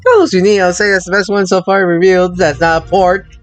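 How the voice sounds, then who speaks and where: High-voiced man, joking streamer. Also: fairly even intonation, fast, faint music behind. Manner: joking, rambling, restarts often. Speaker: streamer reacting to a showcase. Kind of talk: casual reaction chat.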